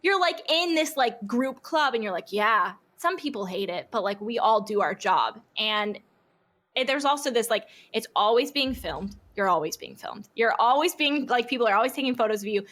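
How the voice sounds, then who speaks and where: A young woman with a bright, lifted voice chats as a podcast guest. She tells stories with animation, swears casually and slips into little voices for what people said. Her pitch sits a touch high for a woman. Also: normal speed. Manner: animated storyteller who acts out quotes and swears freely. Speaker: guest streamer. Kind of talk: casual podcast interview chat.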